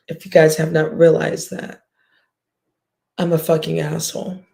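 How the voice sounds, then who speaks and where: A woman's voice: low voice, monotone, measured pace, vocal fry, warm tone. A woman hosting a livestream, ranting bluntly and profanely at her viewers with scoffs and sighs. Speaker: livestream host.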